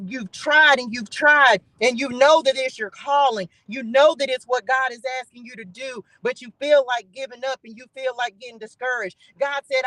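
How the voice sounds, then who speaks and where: A woman's voice: sits high, pushed and bright, no room sound, low-quality recording. Preachy woman giving a spiritual message. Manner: preachy, calls out to the Spirit, repeats phrases for emphasis. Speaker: spiritual reader and channel host.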